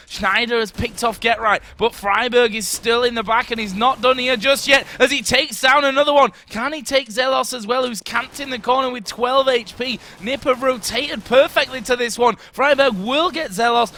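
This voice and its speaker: A man calling live esports play-by-play, excitable in the action and jokey in the asides. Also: extremely high pitch. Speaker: esports caster.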